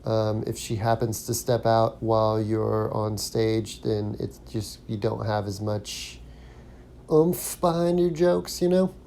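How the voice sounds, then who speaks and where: Mellow gravelly-voiced man rambling casually. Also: lowish voice, slow. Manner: rambling, lots of ums and restarts. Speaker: podcast host, stand-up comic. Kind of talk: casual solo monologue.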